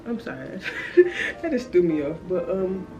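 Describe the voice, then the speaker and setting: A woman's voice: fairly low pitch, big pitch swings, normal speed, dull audio, music in the background. A young woman in her twenties chatting casually to the camera, telling a story as a rant and laughing often. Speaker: vlogger. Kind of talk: casual vlog chat.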